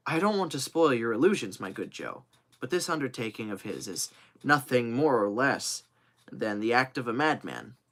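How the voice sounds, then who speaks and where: A man's voice: mid-range voice, big pitch swings, moderate pace, fairly bright tone. A man voicing a skeptical, stubborn hunter who speaks bluntly.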